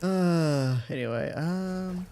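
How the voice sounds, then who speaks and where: A man's voice: sits high, drawn-out words, dark tone, slight background noise. A man streaming a game, chatting casually, rambling and self-deprecating, swearing freely and laughing often.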